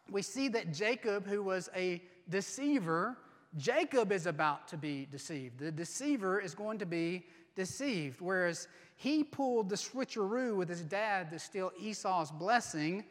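A man preaching a sermon, retelling a scripture passage in an animated, humorous way and acting out the people in it. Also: high-pitched. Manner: animated, humorous, acts out voices. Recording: long reverb in a large hall.

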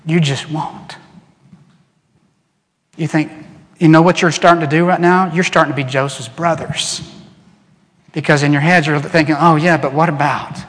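A man preaching a sermon as pastor, animated, acting out quoted voices and dropping to soft, earnest tones. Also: a little high, moderate pace, long pauses. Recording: long reverb in a large hall.

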